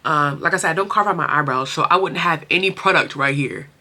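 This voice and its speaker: A young woman talks her viewers through a makeup routine in a casual, gushing way, sprinkling in slang and big feelings. Her voice sits a little low yet sounds bright and forward. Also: quick pace. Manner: expressive, emotional, chatty with slang. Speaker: beauty vlogger. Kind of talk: casual chatty makeup tutorial.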